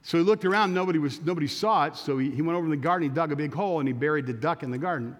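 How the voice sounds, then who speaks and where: Pastor telling a story in a reverberant church. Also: male voice, on the high side, racing. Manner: animated storyteller with restarts. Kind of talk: sermon storytelling. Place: church sanctuary.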